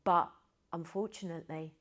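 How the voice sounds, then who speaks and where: A woman's voice: lowish voice, fairly even intonation, normal speed. A middle-aged woman, a yoga teacher, giving an informal spiritual talk with candid, chatty storytelling.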